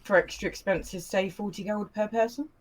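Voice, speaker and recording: A woman's voice: mid-range voice, moderate pace. A woman playing a tabletop role-playing game, speaking in character in a businesslike, haggling way. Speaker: player.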